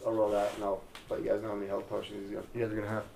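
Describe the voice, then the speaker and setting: A man's voice: on the low side, completely flat delivery, racing, gravelly, darkish tone. Casual male dungeon master, faint hiss. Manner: loose, casual, swears freely. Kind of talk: running a tabletop game podcast.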